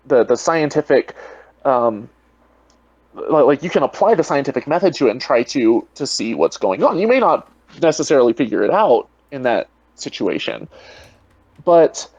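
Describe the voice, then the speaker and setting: A man's voice: medium pitch, sing-song, normal speed, darkish tone, husky, no room sound. Rambling man on a dull dry call. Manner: rambling, heavy on "you know" fillers. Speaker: guest, atheist video creator. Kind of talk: casual online debate chat.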